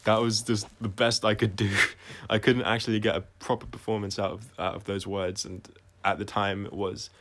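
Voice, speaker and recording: A man talking through his own songs on a casual livestream, reflective and halting, often restarting his sentences and trailing off quietly. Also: on the low side, little pitch movement. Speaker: singer-songwriter explaining his songs.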